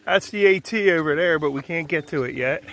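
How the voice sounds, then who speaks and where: A man's voice: fairly high pitch, brisk, fairly bright tone, a little hiss or hum. A man thru-hiking and vlogging outdoors on a rural road walk, chatting casually and cooing at animals along the way. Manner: chatty, coos at animals in a sing-song voice. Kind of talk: casual trail vlog narration.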